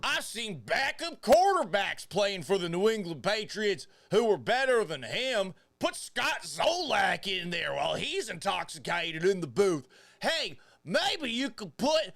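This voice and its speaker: A man doing a loud, outraged Texas sports fan with a put-on Southern drawl, ranting trash talk. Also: very high voice, vocal fry, pitched above the performer's own voice, exaggerated voice.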